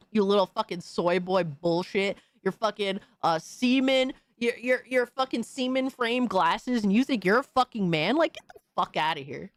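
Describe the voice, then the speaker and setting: Recorded with no room sound, a high-pitched man hosts a stream and delivers a casual rant that is blunt, crude, mocking and heavy on slang.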